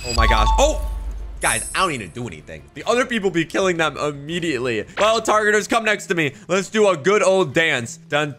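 A young man doing playful, hyped gameplay commentary as a gaming video host. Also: sharp tone. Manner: hyped, playful, big jumps in pitch. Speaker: gaming YouTuber.

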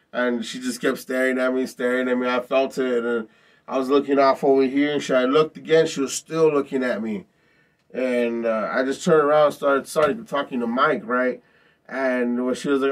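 A man's voice: mid-range voice, steady tone, moderate pace, distant mic. A man vlogger telling a story in a casual, profane, rambling way, repeating himself often. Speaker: vlog host.

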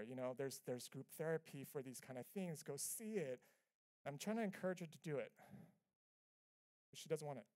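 A man preaching a sermon as pastor, telling a personal story with earnest, conversational delivery, swinging between soft and loud passages. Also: a little high. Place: church sanctuary.

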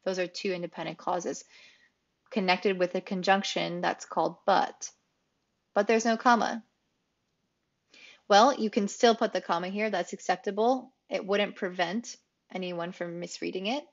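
Woman, English teacher, grammar lesson, clear explanatory delivery, mid pitch, slightly dull lo-fi sound. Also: steady tone, moderate pace. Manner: clear, explanatory, repeats key phrases for emphasis.

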